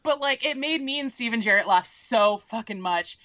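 A woman co-hosting a podcast, casually telling an animated story, swearing and laughing as she goes. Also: a little high, moderate pace. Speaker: podcast co-host. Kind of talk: casual chat.

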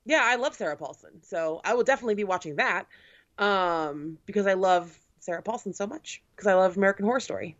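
A woman's voice: mid-range voice, animated, quick pace, no echo. A woman in casual chat, talkative and sarcastic with lots of fillers. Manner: chatty, sarcastic, full of fillers. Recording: dull lo-fi sound, dry.

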